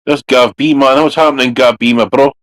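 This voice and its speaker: A man joining a livestream as a guest, chatting in a laid-back, rambling way with plenty of fillers. His voice sits at an ordinary male pitch. The sound is dry, with no room echo. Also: steady tone, brisk, a bit bright. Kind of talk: casual stream chat.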